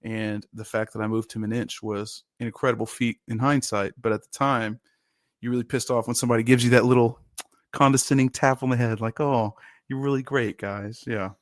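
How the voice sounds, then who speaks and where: A man in his thirties co-hosting a sports podcast, telling football stories in a casual, animated way and laughing often. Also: mid-range voice, a little fast, no echo, clean studio sound. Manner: animated storyteller, shouts quoted lines, laughs often. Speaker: podcast co-host, former lineman. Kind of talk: casual storytelling chat.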